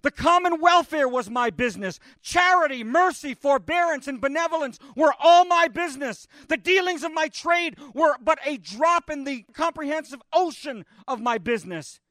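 An old male ghost weighed down by chains cries out his regrets in a high, strained wail, as a preacher puts him on. The sound is dry and close, with no room around it. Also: animated, normal speed, hardly any pauses, bright, forceful tone, no room sound, full character voice. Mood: anguished. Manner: wailing, lamenting cries.

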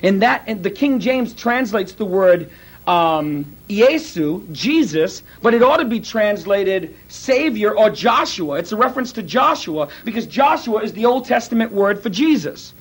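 A male pastor preaching a sermon in an animated, conversational way, acting out quotes as he goes. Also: sits high, measured pace, poor audio.

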